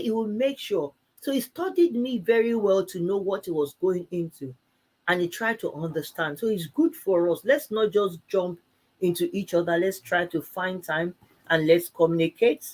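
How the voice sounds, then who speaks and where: A woman co-hosting a live church talk show, telling stories in a casual and animated way, laughing often and acting out both sides of each exchange. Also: medium pitch, moderate pace. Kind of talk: casual conversational storytelling.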